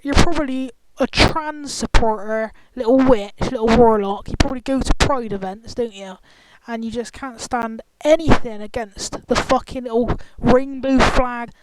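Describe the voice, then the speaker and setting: Woman, fairly high voice, angry profane vlog rant, confrontational, noisy clicky glitchy recording. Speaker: vlogger. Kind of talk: ranting commentary vlog.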